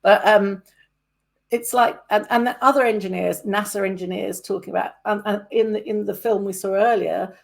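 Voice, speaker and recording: A woman's voice: mid-range voice, fairly even intonation, normal speed, gravelly. A woman in her fifties hosting a casual interview podcast, rambling with many restarts. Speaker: podcast host.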